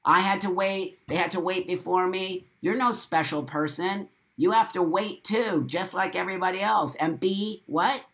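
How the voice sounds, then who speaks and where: A man's voice: high voice, moderate pace, few pauses, fairly bright tone. Blunt, swearing middle-aged man ranting. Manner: blunt, profane, preaching rant; repeats phrases for emphasis. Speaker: host of a live morning show. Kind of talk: live video monologue.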